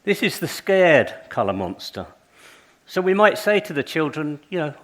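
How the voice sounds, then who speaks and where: A man's voice: fairly high pitch, moderate pace. An older man giving a conference talk, telling stories and acting out little dialogues. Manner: lively storytelling, acts out dialogues. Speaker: conference speaker.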